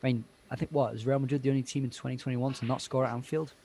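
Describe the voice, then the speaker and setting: A man's voice: medium pitch, steady tone, rapid-fire, warm tone, slight background noise. A man co-hosting a live sports watch-along, bantering casually with wry jokes. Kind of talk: casual live commentary chat.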